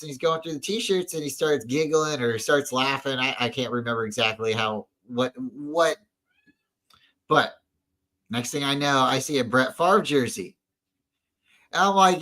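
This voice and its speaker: Bright-voiced man rambling through a fan story. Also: medium pitch, rough recording. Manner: rambling storyteller with many restarts. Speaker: podcast co-host. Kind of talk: casual fan chat. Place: at home.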